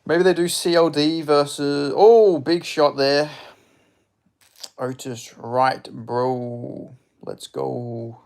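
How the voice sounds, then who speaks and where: Gravelly young man streaming fight commentary. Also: a little high, fairly even intonation, extremely slow, darkish tone. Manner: chatty, reacting to strikes, reading viewer chat aloud; blunt, swears freely. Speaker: streamer hosting a live fight watch-along.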